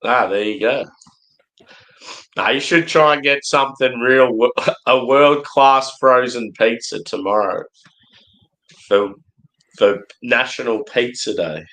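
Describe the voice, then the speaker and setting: A man's voice: mid-range voice, takes it slowly, pauses often, fairly bright tone. A man in casual chat, laughing often and telling stories with crude words.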